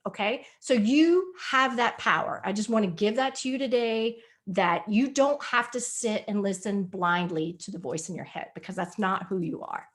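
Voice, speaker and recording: A woman's voice: mid-range voice, normal speed, few pauses. A woman presenting a spiritual health talk over a video call, earnest and coaxing, repeating her points. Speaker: wellness presenter. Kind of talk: live online presentation.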